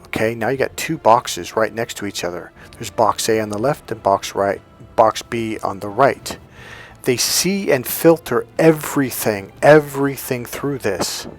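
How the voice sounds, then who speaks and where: A middle-aged man coaching on relationships in a loose, talky monologue. His voice sits at an ordinary middle pitch, and he plays out both sides of a quarrel as he tells it. Faint music runs underneath. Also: a little slow. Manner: animated storytelling, acts out both sides of a quarrel. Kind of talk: casual monologue.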